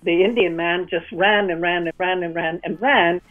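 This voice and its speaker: A woman's voice: fairly low pitch, fairly even intonation, normal speed. A woman guest telling a vivid story on a radio talk show. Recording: tinny phone line.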